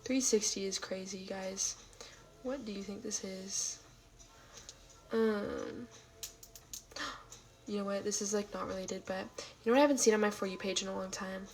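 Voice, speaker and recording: A woman hosting a casual livestream from home, rambling with lots of fillers as she answers chat, now and then dropping into soft half-whispered asides. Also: mid-range voice, steady tone, normal speed, long pauses, poor audio. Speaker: livestream host. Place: at home late at night.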